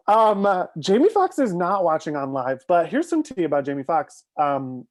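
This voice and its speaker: A guest on a casual live stream, a man with a fairly high and very animated voice, tells gossipy stories at a quick pace. He often bursts into laughter as he goes.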